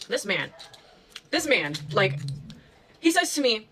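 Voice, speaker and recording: A woman's voice: on the high side, very animated, takes it slowly, a bit bright, low-quality recording. A young woman telling a story to her viewers in a casual, chatty way, full of fillers and swearing.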